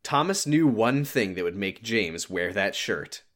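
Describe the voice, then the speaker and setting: A woman's voice: rumbling low, lively intonation, measured pace. A woman narrating a silly fan fiction aloud, laughing and breaking off to joke. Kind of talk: comedic fan fiction read-along.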